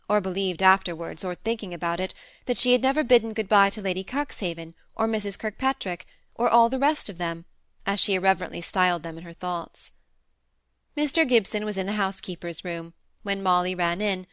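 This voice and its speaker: Smooth, clear woman narrating a classic novel. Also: mid-range voice, no room sound. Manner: measured, expressive reading. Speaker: audiobook narrator. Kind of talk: scripted narration.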